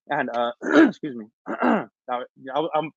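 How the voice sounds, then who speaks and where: A man from Northern California telling his story in a casual interview, rambling with fillers and restarts, recovering from being sick and clearing his throat. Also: on the high side, sing-song, slow pace, no room sound. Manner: rambling, many fillers and restarts, street slang. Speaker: interview guest. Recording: dull, lo-fi dry recording.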